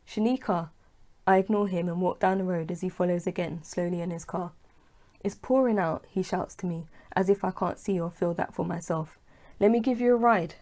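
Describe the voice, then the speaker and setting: An author narrates her own novel as an audiobook, telling it in the first person. She reads at an easy, unhurried pace in a low, dark, mellow voice.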